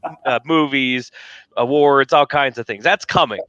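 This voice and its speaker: A man's voice: mid-range voice, moderate pace, fairly bright tone, smooth, no echo, highs cut off. A man hosting a conversational interview, eagerly jumping in with playful remarks. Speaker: host.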